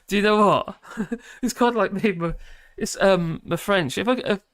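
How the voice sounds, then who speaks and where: A man's voice: high-pitched, moderate pace, fairly bright tone, no room sound, studio quality. A man with a Norfolk accent hosting a casual livestream, reading chat and rambling with lots of fillers and self-deprecating chuckles. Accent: Norfolk English. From England. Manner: rambling, hesitant, filler-heavy. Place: home in rural France.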